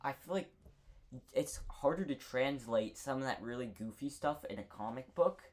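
A man's voice: mid-range voice, animated, moderate pace. A man co-hosting a casual podcast, rambling with frequent filler words. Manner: filler-heavy, says "like" a lot. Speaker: podcast co-host. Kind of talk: casual chat.

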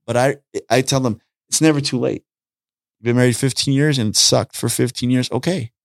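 Animated man telling stories on a podcast. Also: mid-range voice, a little fast, gravelly, dry recording, clean studio sound. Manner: animated storyteller, acts out dialogue, repeats points. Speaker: podcast guest, street preacher. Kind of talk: casual podcast conversation. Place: podcast studio.

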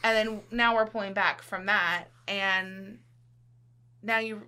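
Woman, podcast guest, bright tone, talkative, keeps asking "right?". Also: medium pitch, fairly even intonation, slow pace, clean tone. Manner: talkative, often checks in with "right?". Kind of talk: casual podcast chat.

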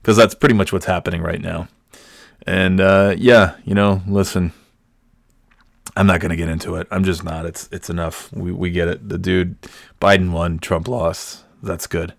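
A man's voice: low-pitched, steady tone, normal speed, creaky, dry recording, clean studio sound. A man hosting a casual solo podcast, talking in a sarcastic, profane way and often breaking into laughter. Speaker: podcast host.

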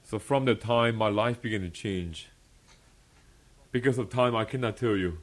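A man's voice: fairly low pitch, normal speed. A young adult male pastor preaching a personal testimony sermon at a fellowship meeting, earnest and emphatic, repeating key phrases and laughing often.

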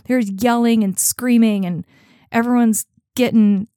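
A young woman co-hosting a podcast, chatting casually and telling stories with animated excitement. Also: on the high side, measured pace, no room sound, studio quality. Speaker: podcast co-host. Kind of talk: casual chat and reading aloud.

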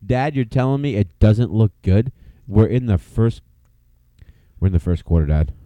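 A man's voice: on the low side, expressive, moderate pace, no echo, highs cut off. A man co-hosting a casual watch-along of a football game, swearing freely and laughing at his own jokes. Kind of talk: casual profane banter.

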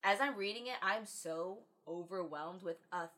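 Woman on a podcast, bright sharp voice, animated, acts out little quotes. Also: medium pitch, normal speed. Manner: animated storyteller, acts out quotes, laughs often. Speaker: podcast co-host. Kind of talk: casual chat.

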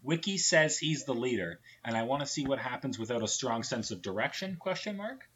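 A man riffing in a loose comedy podcast chat, crude and quick to laugh. His voice sits at an ordinary pitch. There is a faint noise behind him. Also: animated, a bit bright, muffled recording. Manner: jokey, crude, laughs often. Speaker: podcast co-host.

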